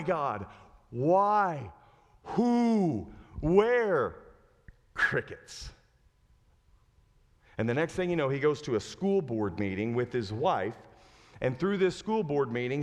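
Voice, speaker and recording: A man preaching a sermon as pastor. He retells a story with lively acted-out lines and asks the congregation direct questions. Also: a little high, in a large hall. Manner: animated storytelling, acting out quoted lines. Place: church sanctuary.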